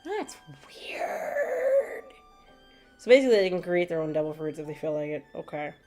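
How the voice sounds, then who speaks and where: A woman's voice: low-pitched, racing, a little mellow. A woman streaming gameplay, chatting casually, laughing often and reading chat aloud. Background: faint background music.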